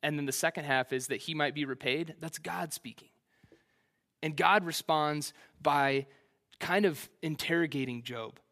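A male preacher with a somewhat high-pitched voice delivers a sermon in a casual, conversational way. He retells the text in relaxed, slangy everyday words and drops playful asides as he goes. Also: a little slow.

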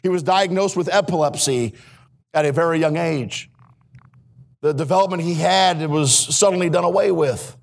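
High-voiced, gravelly male preacher. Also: moderate pace. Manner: earnest preaching, swinging between hushed and emphatic. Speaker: preacher and missionary. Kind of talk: sermon. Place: church sanctuary.

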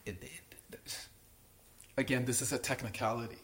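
An earnest man leads a small-group Bible lesson in a voice of middling pitch. He stresses his key words, breaks off and restarts phrases, and keeps checking with his listeners. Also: animated, normal speed, fairly bright tone, roomy sound. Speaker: Bible teacher.

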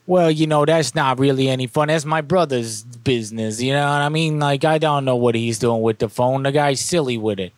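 A man's voice: mid-range voice, a little fast, few pauses, no echo, natural voice. A man voicing an evasive tough-talking guy with a Boston accent that slips in and out, rambling through fillers. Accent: put-on Boston, slipping.

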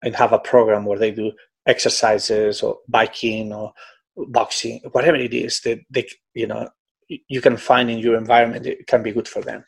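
A middle-aged man with a gravelly, husky voice, talking as a swim coach in an interview. He tells his stories in a lively, conversational way, filling his sentences with "you know". His tone stays loose and unscripted. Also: medium pitch, normal speed. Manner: animated, frequent "you know", breaks into quoted voices.

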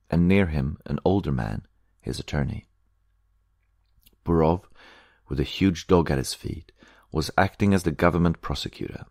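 A man narrating an audiobook with a very deep voice in a measured, steady way. The recording is dry and close with no room sound. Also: dry recording. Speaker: reader.

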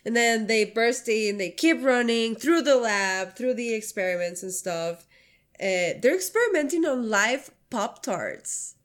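A woman co-hosting a podcast, retelling cartoon scenes with animated storytelling and casual swearing. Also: on the high side. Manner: animated storytelling, swears, quick agreeing fillers. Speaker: podcast co-host. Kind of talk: casual chat reviewing a cartoon episode.

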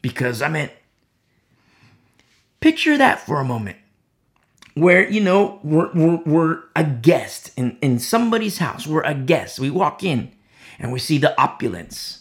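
A preacher delivering an animated sermon, driving points home with emphatic repetition and acting out the people in the story. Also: medium pitch, unhurried, pauses often. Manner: acts out quoted voices.

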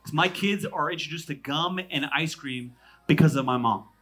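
Husky and fairly high in pitch, this thirty-something pastor from California delivers a sermon that alternates between booming emphasis and quiet asides. His humor is quick and conversational.

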